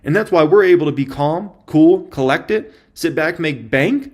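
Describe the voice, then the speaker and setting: Male host, fairly high voice, lots of swing in pitch, punchy and repetitive, casual commentary. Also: normal speed. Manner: emphatic, repetitive, excitable. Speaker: stock market commentator. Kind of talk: casual market commentary to camera.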